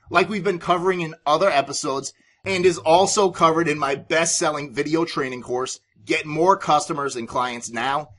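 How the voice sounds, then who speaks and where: Bright, emphatic male sales coach. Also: a little high. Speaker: podcast host and sales coach. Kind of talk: scripted business advice podcast.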